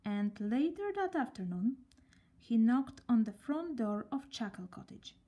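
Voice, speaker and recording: A woman reading a children's story aloud in a gentle voice, often dropping near a whisper. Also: on the high side, very animated, a little slow.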